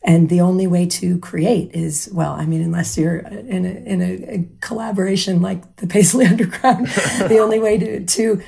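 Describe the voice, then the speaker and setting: Gravelly-voiced woman with bronchitis. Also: on the low side, fairly even intonation, moderate pace, few pauses. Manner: warm, effusive and candid. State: hoarse with bronchitis. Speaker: guest expert. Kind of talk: casual chat.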